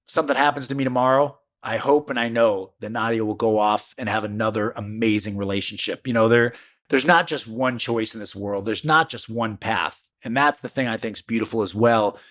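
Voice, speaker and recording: A man in his fifties hosts his own podcast and talks through life lessons as a reflective motivational monologue. His voice sits at an ordinary middle pitch, and he leans on key words with sudden upward leaps. He tells it like a storyteller who wants every point to land. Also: fairly bright tone. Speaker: podcast host.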